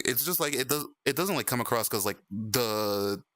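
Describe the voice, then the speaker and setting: A young man streaming in VR, chatting casually with viewers, animated and laughing often. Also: mid-range voice, normal speed, dry recording, studio quality. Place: VR chat stream at home.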